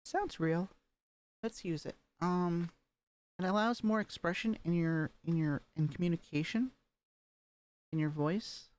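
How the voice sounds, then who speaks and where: A woman's voice: on the low side, a little slow, pauses often, darkish tone. A woman working through voice training homework, talking casually with lots of fillers and repeating practice sentences with rising and falling intonation. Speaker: voice training student. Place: home room, streaming as a vtuber. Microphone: webcam microphone.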